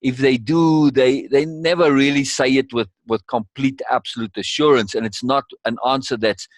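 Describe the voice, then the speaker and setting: A man's voice: medium pitch, steady tone, moderate pace, no echo. A man leading a course session in conversational teaching style, emphatic and repeating key words for weight.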